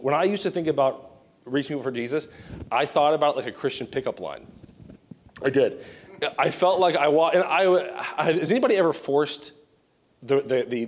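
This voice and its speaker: A young man from Virginia giving an animated, self-mocking sermon full of storytelling. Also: mid-range voice. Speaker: pastor.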